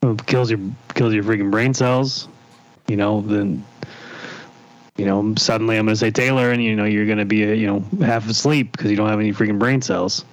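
A man's voice: on the low side, fairly even intonation, a little fast, low-quality recording. A man co-hosting a comedy podcast, talking plainly with frequent restarts and fillers. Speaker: co-host. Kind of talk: casual comedic banter.

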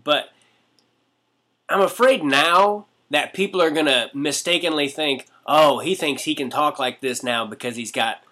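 A male comedian in casual conversation with a bright, forceful tone. He speaks candidly and throws in profane asides. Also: a little high, unhurried. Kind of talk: casual podcast chat.

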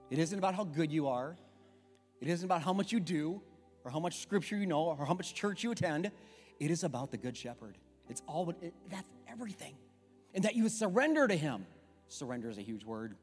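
A middle-aged pastor preaching in an emphatic, conversational, storytelling way, recorded in an echoey church with faint music. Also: male voice, a little high, sing-song, brisk. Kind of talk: sermon. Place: church sanctuary.

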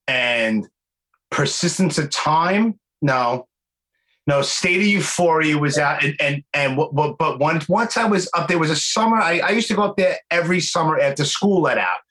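A man, hosting a podcast and telling animated stories in casual chat, swearing now and then. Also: fairly high pitch, moderate pace, poor audio. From New York. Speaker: podcast host.

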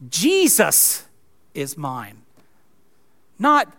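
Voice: medium pitch, very animated, slow pace, long pauses, fairly bright tone. A pastor preaching a sermon in a conversational way, with wry asides.

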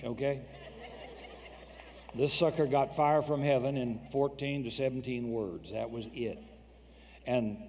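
A man's voice: mid-range voice, warm tone, long reverb tail. A man preaching a sermon in a folksy, joking, emphatic way.

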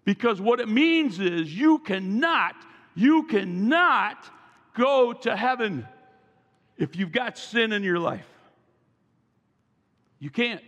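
A man's voice: high-pitched, lively intonation, takes it slowly, long pauses, fairly bright tone. A male pastor preaching a sermon with emphasis and calling the congregation to repeat after him. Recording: long reverb from a large hall.

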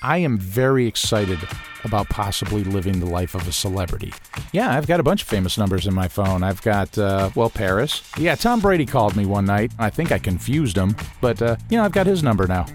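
A man from Ohio telling a personal story in a casual, animated way, jumping his voice up when he acts out what people said. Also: on the low side, a little fast, faint music behind. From Ohio, USA. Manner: animated, acts out quoted lines with a raised voice.

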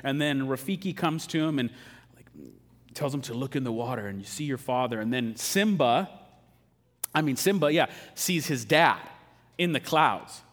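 A man's voice: mid-range voice, normal speed, a bit bright, long reverb tail. A man preaching a sermon in a casual, joking, conversational way. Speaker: pastor.

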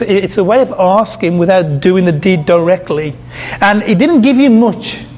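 A man with a notably high speaking voice delivers a sermon to a live congregation. He preaches emphatically, throws questions out to his listeners and repeats words as he gropes for the next phrase. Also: darkish tone. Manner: emphatic, asks the audience questions, repeats words while searching.

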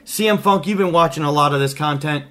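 A man's voice: on the high side, fast talker, a bit bright. A man hosting a casual podcast chat, laughing often, rambling and restarting, at times talking while eating. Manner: laughing, rambling, self-interrupting. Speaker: podcast host.

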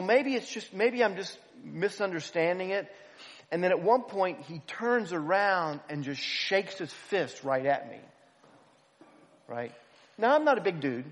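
A man, a pastor, telling a self-deprecating story in an animated, humorous way. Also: fairly high pitch. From United States. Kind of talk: storytelling sermon. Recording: long hall reverb.

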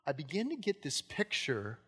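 A man's voice: on the high side, wildly swooping pitch, normal speed, pushed and bright, breathy edge. A man in his fifties, a pastor, preaching a sermon in an earnest storytelling way in a church. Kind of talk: sermon with personal stories. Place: church sanctuary. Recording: long church reverb.

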